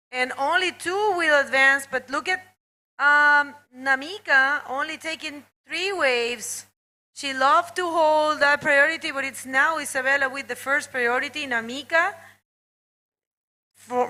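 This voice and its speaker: Chatty high-voiced woman commentator. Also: rough recording. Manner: chatty, greets viewers. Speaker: bodyboarding commentator. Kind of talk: live sports commentary. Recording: loud crowd behind.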